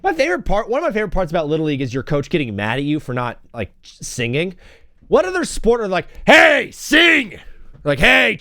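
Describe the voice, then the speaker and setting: A man's voice: fairly high pitch, dry recording, studio quality. A young man hosting a casual solo talk show, rambling through stories and chanting old cheers in a sing-song. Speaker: podcast host.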